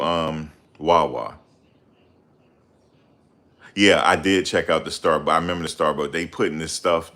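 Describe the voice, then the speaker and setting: A man hosting a casual livestream, reading viewer comments and ranting heatedly with loud outbursts and repeated phrases. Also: very deep voice. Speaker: livestream host.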